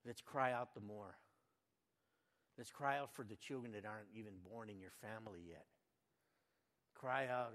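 An older man reading a Bible passage aloud, then musing on it in a folksy, conversational way, rising to loud fervent cries and dropping to quiet asides. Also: lowish voice, normal speed, pauses often. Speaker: Bible reader and preacher. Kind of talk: informal devotional Bible reading and reflection. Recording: long hall reverb.

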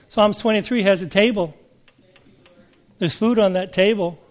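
High-voiced man preaching a sermon. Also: a little slow. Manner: emphatic, asks the listeners questions, reads scripture aloud.

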